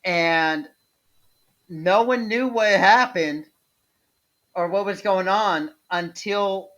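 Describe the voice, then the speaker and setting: A man co-hosting a casual wrestling podcast, talking haltingly with frequent restarts and chuckles as he recalls. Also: high-pitched, fairly bright tone, muffled recording. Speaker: podcast co-host.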